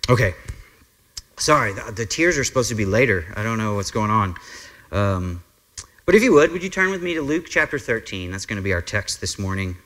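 A male pastor preaches to his congregation in an earnest, conversational manner. His voice sits on the low side, and he talks loosely, with frequent ums and restarts. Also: lively intonation, a little fast, a bit bright. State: briefly emotional. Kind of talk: sermon. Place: church sanctuary.

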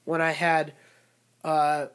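A man's voice: fairly high pitch, takes it slowly, clear, resonant tone. A young man, a podcast co-host, telling stories in casual, profane chat. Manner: profane, animated storyteller.

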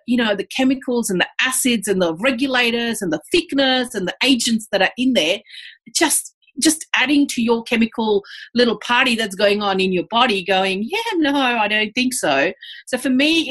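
An Australian woman telling her story as a podcast guest in a casual, animated way, with lots of fillers. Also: fairly high pitch. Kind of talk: casual conversational interview.

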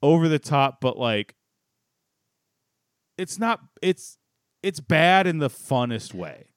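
A man co-hosting a podcast, chatting casually and retelling things in a rambling, animated way with many restarts. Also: on the high side, slow, smooth, dry recording, clean studio sound. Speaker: podcast co-host. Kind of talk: casual chat.

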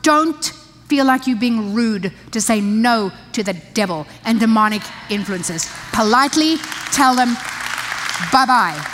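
A woman's voice: a little high, expressive, measured pace, fairly bright tone, some chatter behind, a little hiss or hum. Emphatic older woman preaching in a hall. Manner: emphatic, conversational preaching with asides. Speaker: pastor's wife preaching to women. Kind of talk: sermon. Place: church. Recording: long church-hall reverb.

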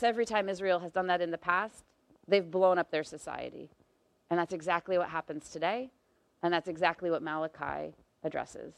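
Female preacher, mid-pitched, dry close sound, lively delivery that acts out quoted speakers. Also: dry recording. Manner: lively, voices quoted figures with rising pitch and volume. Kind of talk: sermon.

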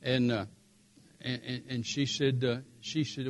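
An older man telling a story in a sermon, emphatic and rising to forceful peaks. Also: mid-range voice, flat delivery, measured pace, muffled recording. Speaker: preacher.

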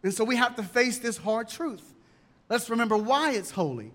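High-voiced male pastor preaching in a reverberant hall. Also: animated, normal speed, fairly bright tone. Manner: emphatic preaching, rhetorical questions. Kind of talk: sermon.

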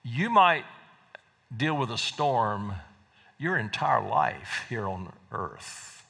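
Bright-voiced pastor preaching in a hall. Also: male voice, medium pitch, lively intonation, very slow, gravelly, slightly rough. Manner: conversational preaching with frequent repeated words. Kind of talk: sermon. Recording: long reverb of a large hall.

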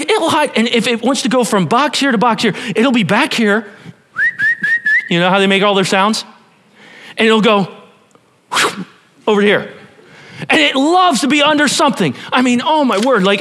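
A man preaching a sermon to a church congregation, animated and playful, talking straight to the people in front of him. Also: high-pitched. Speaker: pastor.

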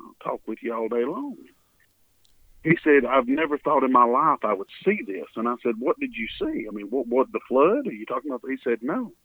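A Texan man tells his story earnestly over a tinny phone line, his gravelly voice rising and falling widely. He acts out the people he quotes with feeling, and the line sounds dry and close. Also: medium pitch, expressive, fairly quick, no room sound. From Texas. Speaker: guest. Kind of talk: telling a story in a radio interview.

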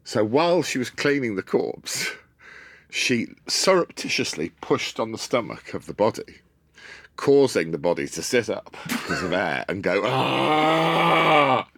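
A man's voice: fairly low pitch, moderate pace, no echo, studio quality. A man from Wales, telling stories as a guest in a casual chat and acting out the people in them. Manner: animated raconteur who acts out voices.

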